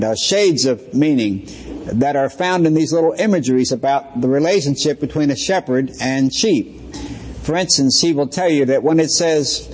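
A man teaching a sermon-style Bible lesson in a measured, explanatory way, slowing down to stress key phrases. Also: fairly high pitch, a little hiss or hum. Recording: reverberant hall.

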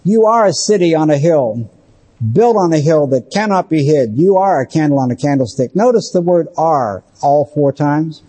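A man preaching a sermon, emphatic and slowing down to stress key phrases. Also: fairly high pitch, animated, mellow.

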